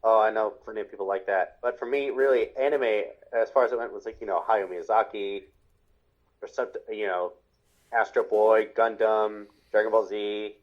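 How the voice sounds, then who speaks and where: A man's voice: fairly low pitch, fairly even intonation, moderate pace, dull audio. A man co-hosting a podcast, chatting casually about old cartoons in a rambling way full of fillers. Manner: rambling, laughs along, lots of fillers. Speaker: podcast co-host. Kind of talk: casual chat commenting on cartoons.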